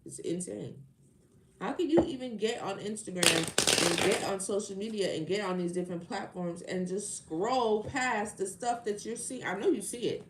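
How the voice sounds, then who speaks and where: A woman's voice: medium pitch, normal speed. Heated, sarcastic woman ranting on a live stream. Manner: heated, exasperated and sarcastic, with rhetorical questions. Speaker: tarot reader hosting a live stream. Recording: roomy live-stream audio with faint background noise.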